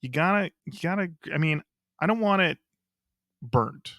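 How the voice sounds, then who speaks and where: Male podcast co-host: easygoing, reads comments aloud, gravelly tone, dry room. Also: a little high, expressive, normal speed, a bit bright, no room sound. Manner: laid-back, reads listener comments aloud. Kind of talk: casual music podcast chat.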